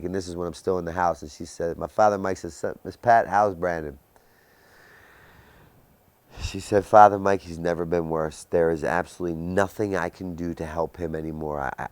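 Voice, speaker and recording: A man in his thirties tells his own story with intensity, in a very deep voice. He drops suddenly into hushed passages for effect. The recording is dry and close. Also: no echo. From Baltimore area, US. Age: 30s. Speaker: recovery speaker. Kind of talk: personal testimony.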